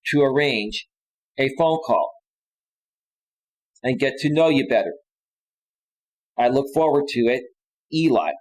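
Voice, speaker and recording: A man's voice: mid-range voice, expressive, takes it slowly, pauses often, low-quality recording. A man coaching in a casual livestream monologue, chatty and often checking in with his listeners, with frequent restarts and repeated phrases. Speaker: dating and life coach.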